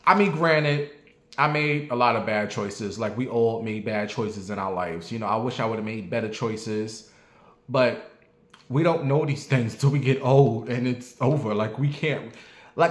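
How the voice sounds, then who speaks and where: A man's voice: medium pitch, a bit bright. Blunt, profane man in an echoey room. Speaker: vlogger. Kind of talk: casual rant to viewers.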